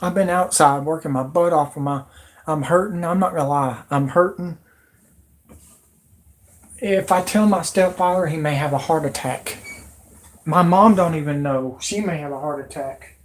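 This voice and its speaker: Worked-up emotional livestream rant, rambling on a computer mic, middle pitch. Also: moderate pace, long pauses. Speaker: livestream host.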